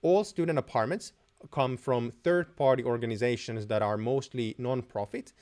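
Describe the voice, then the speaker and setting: A man's voice: mid-range voice, moderate pace, a little mellow. A young man from Finland hosting a live stream and answering viewer questions in a chatty way, with many restarts and fillers.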